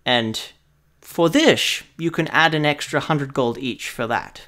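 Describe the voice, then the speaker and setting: A man's voice: mid-range voice, a little slow, bright, forceful tone. A man playing a blunt, intimidating male half-orc mercenary who haggles firmly over pay in a tabletop role-play. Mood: sly. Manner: firm, bargaining, threatening undertone. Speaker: player.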